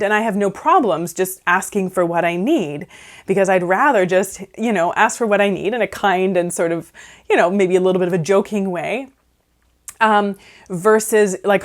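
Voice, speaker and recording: A woman counsellor giving casual advice in a conversational way, often checking in with "right?". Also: medium pitch. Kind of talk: casual advice talk to camera.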